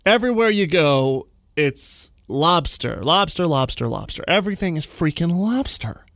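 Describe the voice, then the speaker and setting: A man hosts a casual solo podcast, his fairly high voice swooping up and down as he rants. The sound is close and dry, with no room around it. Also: normal speed, no echo. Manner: animated, exaggerated jumps in pitch when ranting. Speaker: podcast host.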